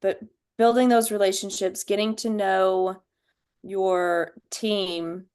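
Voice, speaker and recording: A woman sharing book notes in a casual video-call discussion, unhurried and thoughtful, with many ums. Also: mid-range voice, flat delivery, darkish tone, smooth. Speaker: book study participant.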